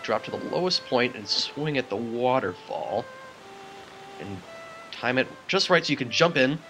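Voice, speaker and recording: Excitable man narrating a game. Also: mid-range voice, low-quality recording. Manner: excitable, laughs often, rambling. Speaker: let's play host. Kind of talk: casual gameplay commentary.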